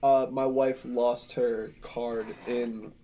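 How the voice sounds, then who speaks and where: A man's voice: medium pitch, flat delivery, slow pace, mellow, slight background noise. A man hosting a casual podcast, telling rambling, profane stories. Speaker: podcast host.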